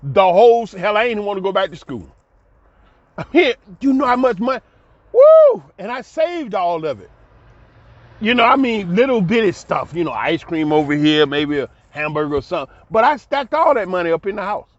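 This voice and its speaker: A man's voice: high voice, very animated, fairly quick, no echo. A middle-aged man telling his own life story in a colloquial, exclamatory way, laughing often. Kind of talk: animated personal storytelling. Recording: dull lo-fi dry recording.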